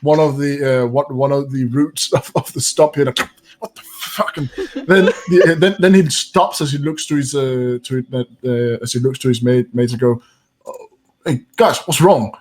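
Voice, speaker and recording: A man narrating as game master in a tabletop game over voice chat, unhurried and hesitant, with many fillers and chuckles. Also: medium pitch, a little mellow.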